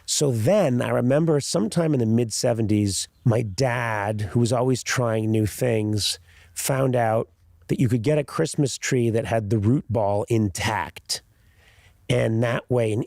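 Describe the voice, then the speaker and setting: Man, podcast host, gravelly, dry close sound, animated storyteller. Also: mid-range voice, unhurried, no echo. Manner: animated, self-mocking storyteller.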